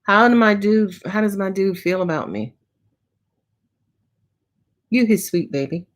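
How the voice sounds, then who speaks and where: A woman's voice: mid-range voice, expressive, unhurried. Slangy, tired tarot reader woman. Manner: casual, slangy and profane. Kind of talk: live-stream Q&A reading.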